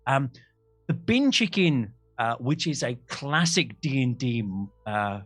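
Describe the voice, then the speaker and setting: A man's voice: mid-range voice, sing-song, slow pace, no echo. Rambling man running a game. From Australia. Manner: rambling, self-mocking, stumbles over words. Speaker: game master. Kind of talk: narrating a tabletop game.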